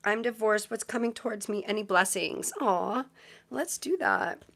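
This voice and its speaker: A woman's voice: mid-range voice, a little slow, gravelly, fairly bright tone. A woman in her forties from Southern California with a Valley girl cadence, a tarot reader rambling chattily on a live stream, her voice troubled for months. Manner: chatty, rambling, self-described quirky with no filter. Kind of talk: casual live stream chat.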